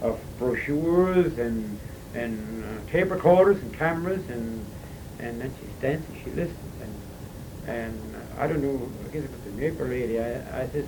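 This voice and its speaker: A man's voice: mid-range voice, animated, normal speed, mellow, a little hiss or hum, rough recording. A man from Pennsylvania with a Pennsylvania German accent, telling stories in a casual chat with many restarts and repeated words. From Pennsylvania, USA. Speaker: dialect poet telling stories. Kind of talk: casual storytelling.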